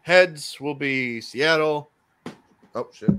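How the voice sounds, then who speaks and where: Animated man hosting sports picks chat. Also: fairly high pitch, normal speed. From Miami Dolphins fan. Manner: animated, swings between loud and muttered. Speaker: podcast host.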